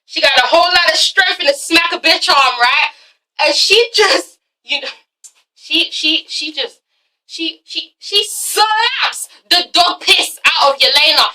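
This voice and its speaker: A woman recapping a TV episode in a casual vlog, excitable and profane, acting out the characters in quick asides. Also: extremely high pitch, poor audio. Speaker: TV episode reviewer.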